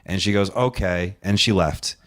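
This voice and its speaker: A man's voice: lowish voice, lively intonation, moderate pace, fairly bright tone. A man who runs a wrestling show, telling a rambling story in casual chat and acting out other people's lines.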